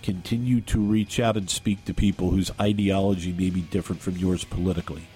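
A man hosting a talk radio show, speaking earnestly and haltingly, often restarting his sentences. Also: low-pitched, steady tone, dark tone, faint music behind. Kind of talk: talk radio, on-air remarks. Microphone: studio microphone.

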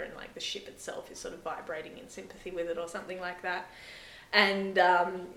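A woman hosting a casual chat, recapping an episode in a rambling way full of "like" and "sort of.". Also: fairly low pitch. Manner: rambling, heavy use of "like" and "sort of". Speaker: podcast host. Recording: roomy echo.

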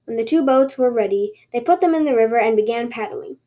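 A woman podcast host reading a folktale aloud in a lively storytelling way. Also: fairly high pitch, fast talker.

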